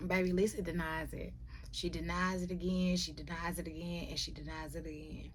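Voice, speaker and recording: A woman's voice: lowish voice, steady tone, brisk, slightly rough. A woman giving a sassy, slangy, emphatic recap of a reality TV episode. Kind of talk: casual recap commentary.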